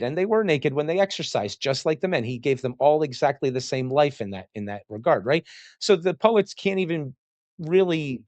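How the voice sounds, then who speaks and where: Man, casual classics commentary, digressive, laughs a lot, mid-pitched voice, dry close sound. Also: dry recording. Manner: chatty and digressive, laughs often, acts out quotes in mocking voices. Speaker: host reading and commenting on classics. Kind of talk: casual commentary on a read text.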